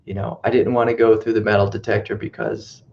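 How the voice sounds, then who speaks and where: This is a chatty young woman with a breathless valley-girl manner, mimicked by a man. The voice stays fairly even and flat, close to the speaker's own. The audio is muffled and lo-fi, like a webcast. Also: on the low side, a little fast, creaky. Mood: gushing.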